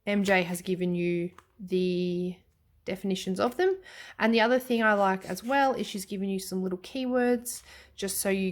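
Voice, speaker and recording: A woman with an Australian accent chatting enthusiastically through a tarot deck review, full of ums and quick self-corrections. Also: medium pitch. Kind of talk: casual tarot flip-through vlog.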